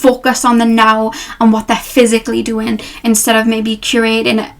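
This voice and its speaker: A young woman with a slightly high voice talks through a tarot reading in a relaxed, unscripted way. She sounds gentle and reassuring, and fills her pauses with ums and you-knows. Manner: gentle, reassuring, with many fillers. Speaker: tarot reader. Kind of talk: casual tarot reading to camera.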